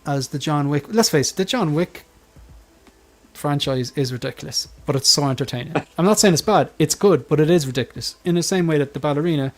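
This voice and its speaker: A man hosts a relaxed livestream panel, his voice sitting a little higher than most men's. He rambles freely, cuts himself off mid-thought and keeps laughing along with his guests. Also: a little fast. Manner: rambling, restarts and trails off, laughs often. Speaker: livestream host. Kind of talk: casual panel chat.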